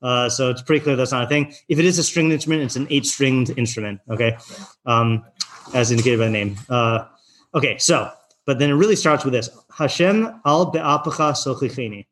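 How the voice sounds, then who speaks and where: Man, teacher, online class, casual and rambling, reads slowly then talks on. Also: mid-range voice, a bit bright. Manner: loose and chatty, many fillers and restarts, reads passages slowly. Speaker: teacher leading a text study class.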